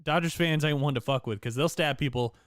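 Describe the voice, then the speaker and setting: Wry man with a smooth, clear voice. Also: a little high, fairly quick, a bit bright, no echo, studio quality. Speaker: podcast co-host. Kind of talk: casual chat.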